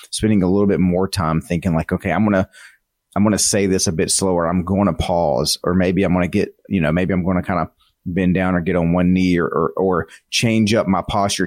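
A man's voice: deep voice, a little mellow, no room sound, studio quality. A man who works in student ministry, talking earnestly and thoughtfully on a podcast. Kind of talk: casual podcast conversation.

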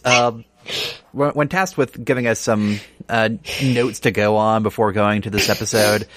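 A man co-hosting a comedic podcast at an easy middle pitch. He is wry and plays along with mock legal jokes, steering the talk to the next question. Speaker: podcast co-host. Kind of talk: casual comedic chat.

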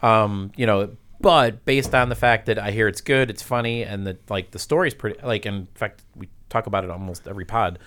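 A man's voice: fairly low pitch, fairly quick, fairly bright tone. A man co-hosting a podcast, talking casually and hesitantly with many fillers. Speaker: podcast co-host. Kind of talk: casual chat.

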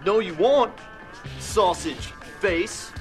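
An actor playing a dim, touchy man in a bar who fires back slow, clumsy insults. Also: high-pitched, animated, over music, full character voice. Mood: defensive.

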